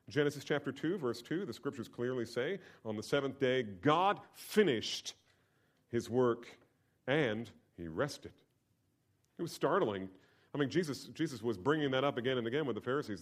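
Preaching man, hushed then emphatic. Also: mid-range voice. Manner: rhetorical questions, swings from hushed to emphatic. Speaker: pastor. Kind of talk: sermon.

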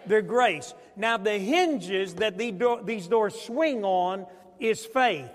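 Pastor, male, high voice, call-and-response sermon delivery, church reverb. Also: expressive, slow. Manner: call-and-response preaching, repeats phrases. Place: church sanctuary.

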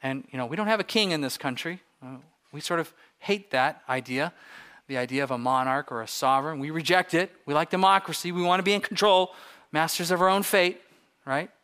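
A man's voice: a little high, fairly quick, sharp tone, smooth. Emphatic preacher man. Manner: emphatic, rhetorical, builds with repeated phrases. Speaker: pastor. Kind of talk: sermon.

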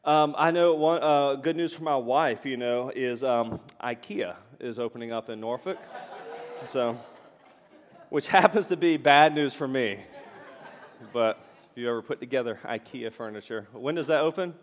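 A man's voice: mid-range voice, moderate pace. A middle-aged man, preaching a sermon in a loose, conversational way with many fillers and asides to the congregation. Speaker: pastor. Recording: reverberant hall.

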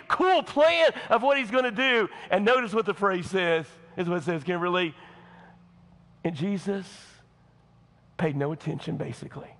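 A man pastor with a Southern accent preaching a folksy sermon, speaking straight to the congregation and swinging from hushed tones to shouting. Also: sits high, moderate pace. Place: church. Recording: long church hall reverb.

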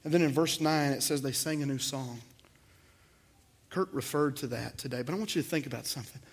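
A man's voice: medium pitch, a little fast. A man preaching a sermon to his congregation, emphatic, with swells in volume and repeated words. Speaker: pastor.

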